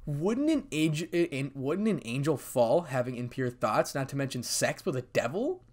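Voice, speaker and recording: A man voicing a calm, curious young male devil in a fan-fiction reading. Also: medium pitch, normal speed.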